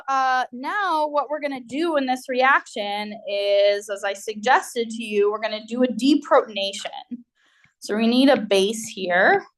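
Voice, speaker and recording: Chatty woman lecturing on chemistry. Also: fairly high pitch. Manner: conversational, explanatory, with frequent fillers and "right?" checks. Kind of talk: recorded university lecture.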